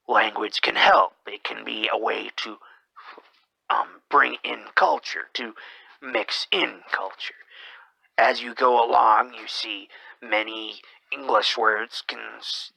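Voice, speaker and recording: A man hosting a slow, brooding monologue, rambling and hesitant, who keeps dropping into whispers mid-sentence. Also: mid-range voice, gravelly, pushed and bright, dry recording, low-quality recording. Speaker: podcast host.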